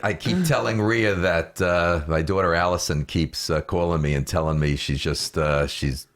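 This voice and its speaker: A man's voice: sits low, moderate pace, fairly bright tone. A middle-aged man hosting a casual talk show, genial and joking, talking with fillers. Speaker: show host. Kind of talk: casual podcast chat.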